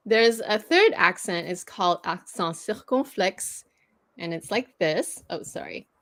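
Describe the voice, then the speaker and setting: A woman's voice: medium pitch, very animated, slow, pauses often, a bit bright. A woman hosting a livestream, patiently explaining pronunciation rules step by step and laughing easily. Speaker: host teaching pronunciation.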